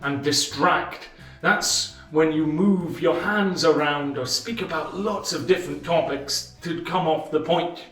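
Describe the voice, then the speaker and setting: A man with a slightly raised voice explains a book in a measured way, leaning on pauses and emphasis. He sits a little back from the mic in an echoey room. Soft music plays faintly behind him. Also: on the high side, recorded from a distance. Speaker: channel host summarizing a book. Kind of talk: explanatory book-summary monologue.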